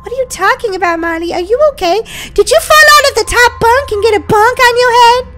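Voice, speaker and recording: Lady doing bossy big-sister type, exasperated and scolding, high bright voice. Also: fairly quick, soft background music. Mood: teasing. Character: sister Daisy, bossy and impatient. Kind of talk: roleplay story voice-acting.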